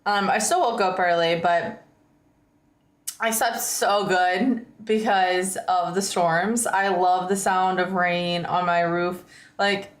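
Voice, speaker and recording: A woman livestreaming from home, chatting casually with viewers in a rambling way, her voice slightly hoarse. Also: fairly low pitch, fairly even intonation, slow, echoey room. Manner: rambling, chatty, frequent likes and ums.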